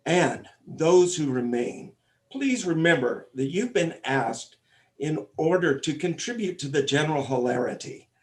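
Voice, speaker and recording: A man's voice: a little high, animated, unhurried. A man playing a fussy, pompous father of the bride on stage. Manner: pompous, fussing. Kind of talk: stage comic opera acting.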